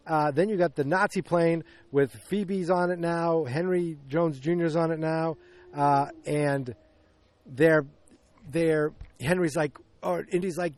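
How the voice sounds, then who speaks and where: A man's voice: fairly high pitch, normal speed, darkish tone. A man hosting a podcast, recapping a film casually, rambling with many restarts and acting out bits of dialogue. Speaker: podcast host.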